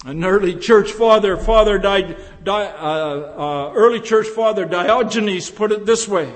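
A man preaching a sermon slowly and deliberately, building to emphatic rises. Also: sits high. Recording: long reverb of a large hall.

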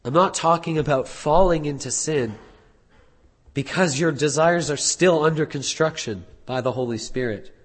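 A man preaching a sermon as pastor, earnest, building to emphatic peaks and dropping low again. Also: normal speed. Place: church sanctuary. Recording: husky voice in long hall reverb.

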